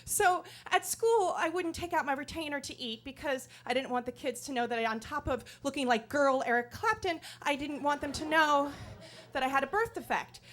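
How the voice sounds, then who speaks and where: A woman comedian telling a self-deprecating story on stage in an animated, comic way. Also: high voice, moderate pace. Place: live storytelling stage before an audience.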